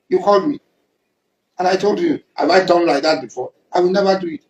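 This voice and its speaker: A man's voice: fairly high pitch, moderate pace, darkish tone. Accusing Nigerian man in an echoey room. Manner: accusing, emphatic, repetitive. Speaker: community leader. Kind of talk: public statement.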